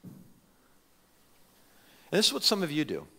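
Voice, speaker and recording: An animated male pastor preaching in a loose, conversational style, his voice sitting a little high and swinging widely up and down. His tone is bright and forceful, and he often restarts and doubles up his words. The sound rings out in a church hall with a long reverb. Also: measured pace, breathy edge. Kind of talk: conversational sermon. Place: church sanctuary.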